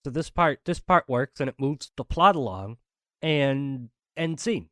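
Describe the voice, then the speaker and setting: A man co-hosting a podcast, calmly explaining his take in casual chat. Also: medium pitch, unhurried, dry recording, clean studio sound. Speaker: podcast co-host.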